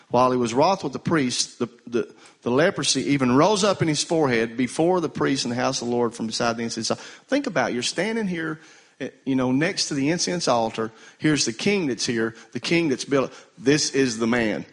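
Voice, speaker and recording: Man preaching a call-and-response sermon. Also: medium pitch. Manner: call-and-response preaching, urging the congregation to answer. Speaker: pastor.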